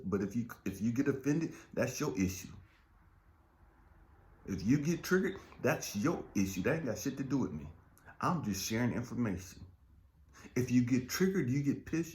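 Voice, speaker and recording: A middle-aged man giving an impassioned motivational monologue. He is blunt and profane, repeats lines for emphasis, and swings between low murmurs and fired-up outbursts. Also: darkish tone, echoey room. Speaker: motivational speaker.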